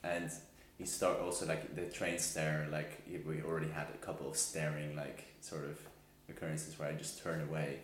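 A man's voice: rumbling low, level tone, normal speed, few pauses, reverberant. A man co-hosting a podcast, telling a rambling story in casual chat and laughing often. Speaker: podcast co-host.

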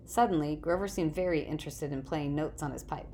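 A woman reading a first-person storybook aloud in a plain, steady way with small slips. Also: sits low, a little fast, slight background noise. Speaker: audiobook reader.

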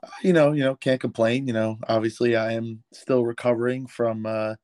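A man co-hosts a podcast over a remote call, his voice still slightly hoarse from a recent cold. His pitch sits in an ordinary middle range, and he talks in a loose, hesitant way full of fillers. The sound is dry and close. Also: steady tone, moderate pace, darkish tone, no echo. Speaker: podcast co-host. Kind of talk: casual chat.

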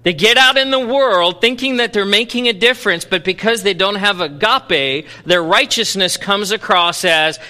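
A man preaching from the pulpit, his voice bright and forceful and set a little high for a man. He moves from loud, playful bursts down to low, intense passages. The sanctuary gives the voice a long, ringing reverb. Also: moderate pace, hardly any pauses. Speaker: pastor. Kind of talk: sermon. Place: church sanctuary.

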